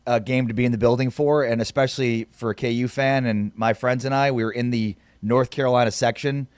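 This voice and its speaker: A man's voice: medium pitch, steady tone, a little fast, dry recording. A man hosting a sports radio show, asking curious, chatty questions in a casual interview.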